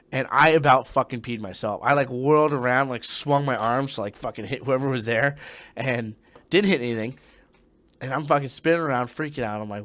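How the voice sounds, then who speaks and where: A young man recounts a night on guard duty in a loose, profane storytelling voice. He sinks into hushed tones and then bursts out loudly. His voice sits at an ordinary middle pitch and the sound is dry and close, with no room around it. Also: dry recording. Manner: profane, animated retelling with hushed and sudden loud bursts. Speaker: former Marine storyteller. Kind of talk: casual spoken storytelling.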